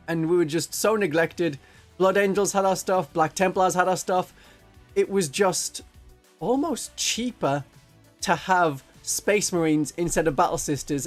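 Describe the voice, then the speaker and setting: A man chatting casually on a livestream, joking and now and then slipping into silly voices. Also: high voice. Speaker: streamer.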